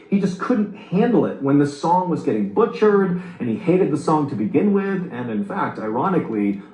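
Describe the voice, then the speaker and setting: A man's voice: a little high, darkish tone, roomy sound, poor audio. A man narrating a true story in a scripted storytelling style, building suspense. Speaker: narrator of the reacted video.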